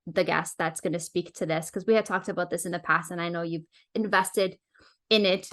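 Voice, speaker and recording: A woman's voice: lowish voice, steady tone, a little fast. A woman hosting a podcast, chatting enthusiastically and casually with her guest. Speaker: podcast host.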